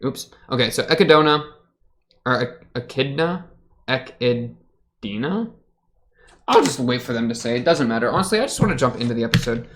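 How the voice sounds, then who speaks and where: A man's voice: mid-range voice, lively intonation, quick pace, a bit bright. A young man casually commenting while watching an anime episode, chatty and rambling, laughing often. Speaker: reaction streamer.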